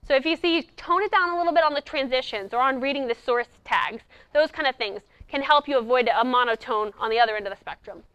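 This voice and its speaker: A woman giving a lively speech-coaching talk to debate students at a conference, acting out her examples as she goes. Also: sits high, a little fast, dry recording. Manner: animated, acts out examples. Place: conference presentation.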